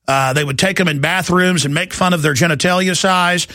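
A man hosting a talk radio show, ranting urgently and often rising to shouts, with heavy repetition. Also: high voice, brisk, no echo. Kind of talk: impassioned talk radio monologue.

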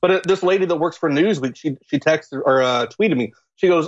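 A male guest from Florida on a political talk show, speaking haltingly with many restarts. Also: a little high, dull audio.

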